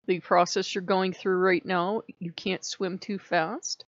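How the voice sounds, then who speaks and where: A woman voicing a gentle manatee spirit that talks softly and slowly. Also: on the low side, little pitch movement, dry recording, muffled recording, natural voice. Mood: soothing.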